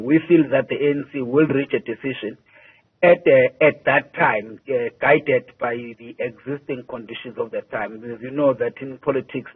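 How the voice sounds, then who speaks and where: A man, a party spokesperson answering a news interview by phone, measured and halting, with many hesitations and repeated words. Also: mid-range voice, slightly rough. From South Africa. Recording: tinny phone line.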